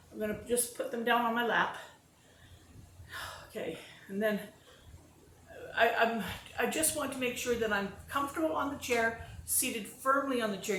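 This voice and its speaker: A woman's voice: on the high side, a bit bright, slight background noise. A woman chatting casually to camera, self-deprecating, talking through each movement as she goes. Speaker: vlogger demonstrating exercises and telling stories. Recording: roomy echo with faint ambience.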